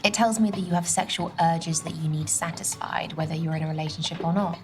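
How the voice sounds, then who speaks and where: A woman's voice: fairly low pitch, fairly even intonation, a little fast, a little mellow, slight background noise, lightly acted. Woman playing a teasing young date. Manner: teasing, probing questions. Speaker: date in a dating game.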